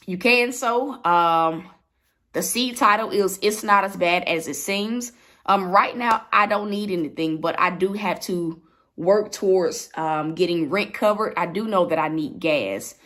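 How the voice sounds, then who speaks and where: A woman's voice: medium pitch, unhurried, a bit bright. A woman preaching to her livestream viewers from home, repeating her points with emphasis. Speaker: online preacher. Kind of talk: livestreamed sermon. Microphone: livestream mic.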